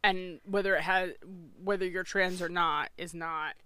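A woman's voice: lowish voice, steady tone, measured pace, sharp tone, clean tone, no room sound. A woman co-hosting a podcast in casual chat, earnest with dry jokes, on a podcast microphone. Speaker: podcast co-host.

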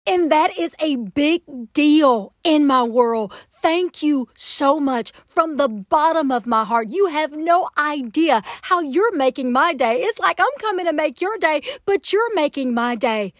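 A woman's voice: sits high, lively intonation, unhurried, hardly any pauses, dry recording, studio quality. A woman from Georgia with a Southern accent, hosting an inspirational prayer podcast, emphatic and encouraging, with lots of "y'all" and "come on.". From Atlanta, Georgia. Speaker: podcast host.

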